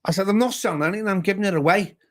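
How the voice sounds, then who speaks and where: This Liverpool pastor, guesting at a pub bar, races through his casual story in a high voice. Animated, he performs each character he quotes.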